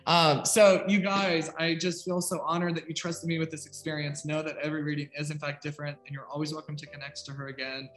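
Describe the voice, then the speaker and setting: A man's voice: fairly high pitch, flat delivery, quick pace, hardly any pauses, fairly bright tone, faint music behind. A young man working as a psychic medium, giving a casual, rambling reading full of "like" and fillers. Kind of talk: casual spoken reading on a video call.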